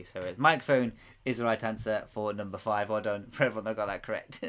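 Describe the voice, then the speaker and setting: A giggly quiz host in his late twenties goes through quiz answers on a live stream, joking and wandering off into rambling asides. His voice is fairly high and a bit bright, recorded with the microphone close to his mouth.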